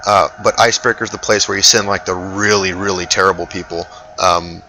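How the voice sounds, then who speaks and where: Low, bright-voiced man running a tabletop game. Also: flat delivery, fairly quick, rough recording. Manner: rambling, filler-heavy, laughs often. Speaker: game master.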